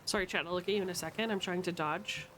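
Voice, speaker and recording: A young adult woman streaming a video game with loud, playful, swearing commentary and frequent yells at the game. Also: on the low side, fairly even intonation, fast talker, slight background noise. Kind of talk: casual gameplay commentary.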